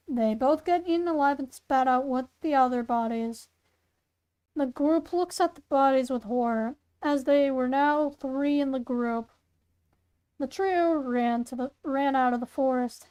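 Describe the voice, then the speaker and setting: A woman's voice: high-pitched, a little slow, a little mellow. A woman hosting her channel, reading her own spooky fan story aloud with chatty asides, often stumbling and correcting herself. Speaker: channel host and story reader.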